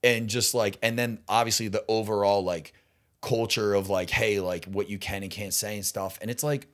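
A young man, a stand-up comedian guest on a podcast, talking in a casual, rambling way, full of "like" and "dude" and quick laughs. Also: lowish voice, steady tone. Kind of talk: casual chat.

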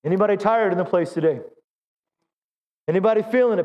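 A middle-aged man leads a Pentecostal sermon in a church, pitching his voice high as he urges the congregation to answer him. He breaks up the exhortation with jokes at his own expense. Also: fast talker, pauses often, highs cut off. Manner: exhorting, calls for audience response; self-deprecating humor. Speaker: pastor. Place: church sanctuary.

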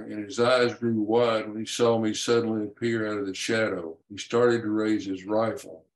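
A man, an author, reading his own book aloud in a measured, even way with small slips. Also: lowish voice, poor audio.

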